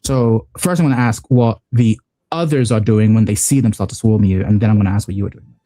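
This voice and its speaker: A man narrating as game master of an online tabletop game, pausing often with ums and restarts. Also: on the low side, fairly even intonation, mellow, no room sound. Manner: halting, with many ums and restarts.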